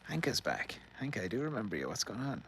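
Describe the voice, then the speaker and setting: A man's voice: on the low side, big pitch swings, fast talker, creaky, fairly bright tone, a little hiss or hum. An Irish man live-streaming from a garden outdoors, rambling and joking as he reads out viewer comments. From Ireland. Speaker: livestream host. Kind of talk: casual live-stream chat.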